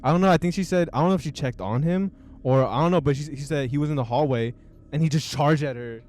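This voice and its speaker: A man's voice: fairly high pitch, fast talker, darkish tone. A young man hosting a podcast, telling a story in loose, filler-heavy casual chat and laughing often. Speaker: podcast host.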